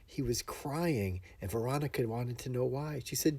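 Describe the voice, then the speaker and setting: A man tells an interactive story for young children in an animated, expressive way, stopping to ask his listeners questions. His voice is husky and slightly breathy, sitting at a middling pitch. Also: normal speed. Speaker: storyteller and illustrator.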